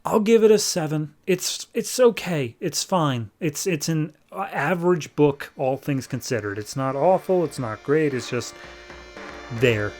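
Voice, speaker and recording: A man's voice: a little high, lively intonation, unhurried, darkish tone, faint music behind. A man hosting a podcast, recapping and reviewing comics in a casual, wry way with frequent restarts.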